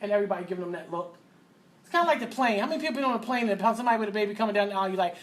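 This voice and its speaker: A middle-aged woman teaching a physical therapy class, lively and joking, acting out little voices and asides as she lectures. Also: on the high side, very fast, crowd noise. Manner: animated, acts out voices and asides, laughs often. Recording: faint background noise.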